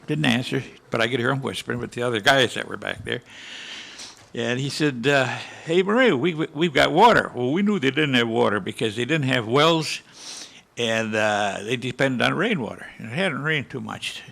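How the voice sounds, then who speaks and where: Man in his 80s, veteran panelist, gravelly edge, storytelling with spoken gunfire. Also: medium pitch, moderate pace, bright, forceful tone. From United States. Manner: vivid, with spoken gunshot sounds. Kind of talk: storytelling to a live audience. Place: conference hall panel.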